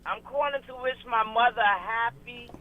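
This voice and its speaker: A woman calling a radio show from Florida to send a warm, heartfelt birthday message. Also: a little high, moderate pace, no room sound. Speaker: caller. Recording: tinny phone line.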